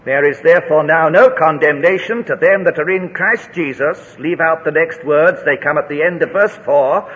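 High-voiced preacher in a hall. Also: male voice, normal speed, few pauses. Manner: dramatic, rising to high shouts in a told story. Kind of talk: sermon. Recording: dull lo-fi recording in a large reverberant hall.

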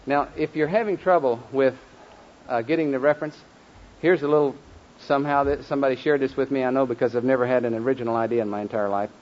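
A man teaching a group how to memorize Bible verses, leading call-and-response drills and slowing down to stress each word, with folksy asides. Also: mid-range voice, steady tone, a little mellow, dull audio. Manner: leads call-and-response drills, slows and stresses words when reciting.

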